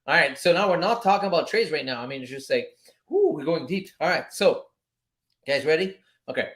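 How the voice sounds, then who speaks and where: On his casual live stream about trading, this man swears without restraint and keeps repeating upbeat, animated encouragement. His pitch runs on the high side.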